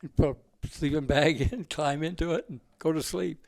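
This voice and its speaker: An older man spins loose, salty anecdotes, laughing as he goes. His voice is gravelly and sits a little high for a man, and it is recorded close and dry. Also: normal speed, hardly any pauses, a little mellow, dry recording. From United States. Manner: rambling, profane and laughing. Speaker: guest. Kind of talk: casual storytelling.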